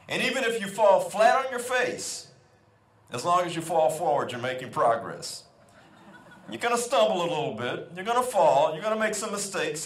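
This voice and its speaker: A man in his fifties delivers a school convocation keynote into a podium mic, urging the students on and telling stories. His voice sits fairly high for a man. The sound carries the echo of a large hall. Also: fairly bright tone. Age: 50s. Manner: exhorting, storytelling, emphatic repetition. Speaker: keynote speaker. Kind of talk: ceremonial keynote speech. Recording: echoey hall.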